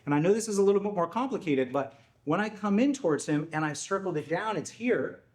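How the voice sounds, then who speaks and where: A man with a fairly high voice walks through a self-defense technique, calm and methodical. He teaches it as a demonstration lesson in an indoor training room, often checking in with the listener. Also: fairly quick. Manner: calm, step-by-step explaining, frequent "okay?" check-ins.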